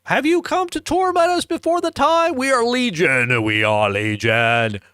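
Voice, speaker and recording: A man voicing a horde of frantic demons crying out in shrill, wailing tones. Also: animated, measured pace, bright, forceful tone, clear, resonant tone, no room sound, clean studio sound, heavily acted. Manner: wailing, pleading.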